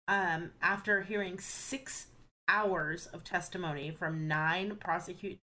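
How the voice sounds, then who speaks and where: A woman's voice: fairly low pitch, steady tone, slow, pushed and bright, low-quality recording. A woman co-hosting a true crime podcast, working steadily through dates and court proceedings from her notes. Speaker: podcast co-host. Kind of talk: reading case notes in casual chat.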